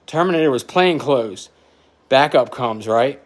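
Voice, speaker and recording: In a podcast chat, a man in his forties tells a story with a medium-pitched voice at a measured pace. He's animated and profane, and he grows emotional as he goes.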